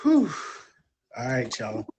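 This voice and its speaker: A man in his thirties with a relaxed drawl, talking candidly as a podcast guest. He wanders from thought to thought and pokes fun at himself, at an everyday middle pitch. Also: slow pace, lo-fi sound, slight background noise. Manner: open, self-deprecating, rambling. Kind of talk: candid personal storytelling.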